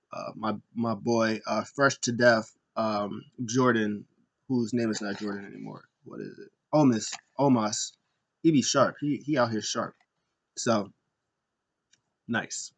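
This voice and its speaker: Rambling jokey man recapping wrestling. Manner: rambling, jokey, mimics wrestlers in high squeaky voices. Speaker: wrestling podcast host. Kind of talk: casual recap commentary.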